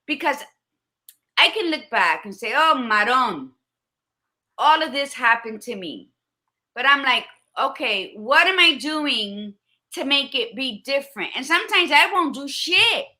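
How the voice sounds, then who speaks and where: Fifties woman, podcast co-host; blunt, profane, emphatic, with a bright, slightly high voice. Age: 50s. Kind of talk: candid casual chat.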